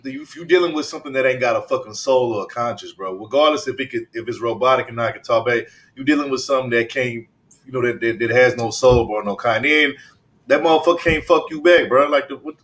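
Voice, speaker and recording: A man presses his point hard, doubling back on his words and cursing freely. His pitch is ordinary, and the talk is loose and conversational. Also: quick pace, fairly bright tone. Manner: emphatic, repeats himself, heavy slang and cursing. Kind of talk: casual chat.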